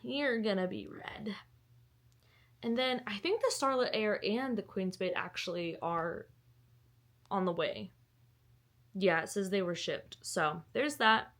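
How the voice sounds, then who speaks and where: A woman's voice: mid-range voice, animated, measured pace, fairly bright tone. A young woman, chatting to the camera at home about books in a giggly, rambling way. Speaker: book vlogger. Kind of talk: casual chat to camera. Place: at home indoors.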